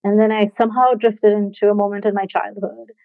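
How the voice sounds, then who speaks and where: A woman casually telling a personal story in a reflective, halting way, often laughing softly between thoughts. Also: mid-range voice, flat delivery, gravelly, dry recording. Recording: dry, tinny phone-like sound.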